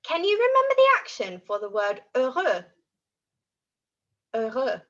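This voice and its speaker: A woman teaching French words to young children in an animated, sing-song way, modeling each word for the children to repeat. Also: high voice, measured pace. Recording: dull lo-fi audio.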